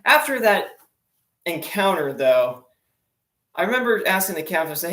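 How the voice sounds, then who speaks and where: Young male comic, slightly high voice, chatty and rambling, roomy echo. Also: sing-song, normal speed, a bit bright. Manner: chatty, rambling storyteller with lots of fillers. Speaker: stand-up comedian. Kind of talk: joke-telling sea stories. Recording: echoey room.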